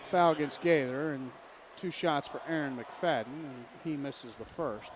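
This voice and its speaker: A man calling a local high school basketball game in a chatty play-by-play style, with faint noise behind him. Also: unhurried. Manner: chatty, jokey, calls the plays. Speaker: play-by-play announcer. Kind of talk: local sports commentary.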